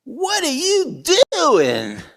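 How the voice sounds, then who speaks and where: A man playing a brusque male police officer with a gruff, blunt way of talking, within a humorous anecdote. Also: extremely high pitch, wildly swooping pitch, drawn-out words, a bit bright, no room sound, studio quality, voice pushed up, heavily acted. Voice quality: gruff, blunt street talk.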